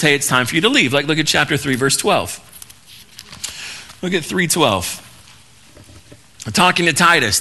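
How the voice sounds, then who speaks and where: Bright, lively-voiced male pastor. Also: a little high. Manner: casual, animated teaching with asides. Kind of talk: sermon.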